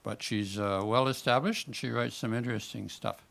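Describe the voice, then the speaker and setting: A man's voice: mid-range voice, fairly even intonation, moderate pace, vocal fry, a bit bright. A man reading at an open-mic event, chatty and self-deprecating, with some hesitations. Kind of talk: casual remarks and reading a story aloud.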